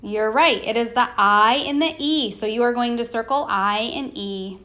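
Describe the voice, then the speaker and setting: A woman teaching a recorded phonics lesson to young children, sounding out words slowly and patiently, asking questions and waiting for answers. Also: fairly high pitch, bright, forceful tone. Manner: slow, sounding out words letter by letter.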